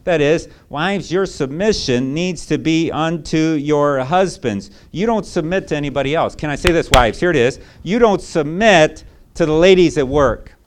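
A man's voice: on the high side, normal speed, few pauses, slight background noise. A male pastor preaching a sermon in a conversational, emphatic way, often checking in with rhetorical asides.

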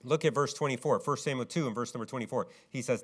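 A male pastor delivering a sermon, full of rhetorical questions, swinging between loud, emphatic rises and quiet, low stretches. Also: animated, fast, hardly any pauses.

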